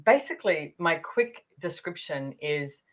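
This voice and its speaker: A woman's voice: low-pitched, expressive, a little slow. A woman hosting a podcast, talking casually and telling stories with lots of fillers. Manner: chatty, storytelling, many fillers. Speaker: podcast host.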